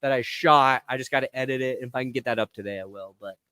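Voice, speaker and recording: A man's voice: medium pitch, quick pace, pushed and bright, clean tone. A playful man co-hosting a casual sports podcast, tossing out quips. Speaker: podcast co-host.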